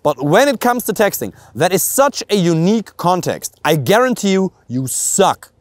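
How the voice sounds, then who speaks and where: Man with a German accent, dating coach, high lively voice, blunt, dry close sound. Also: moderate pace, no echo. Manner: blunt, emphatic, swears casually, rhetorical questions. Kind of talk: direct-to-camera coaching monologue.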